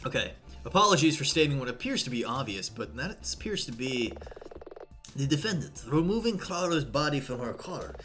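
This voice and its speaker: Woman voicing a vain male photographer, pompous, obnoxious, affected put-on accent, lively pitch. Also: moderate pace, soft background music. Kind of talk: voicing characters in a visual novel stream.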